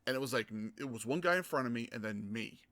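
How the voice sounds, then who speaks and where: A man hosting a gaming podcast, telling stories in a casual, animated way and acting out the people he quotes. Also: medium pitch, quick pace, no room sound. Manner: animated, acts out quoted voices. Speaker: podcast host. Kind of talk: casual storytelling chat.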